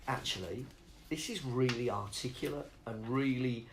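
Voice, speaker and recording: A middle-aged man answering interview questions in a loose, rambling way, wandering off topic and swearing as he goes. His voice sits at an ordinary middle pitch. A faint background noise runs under the recording. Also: moderate pace. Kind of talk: casual interview chat.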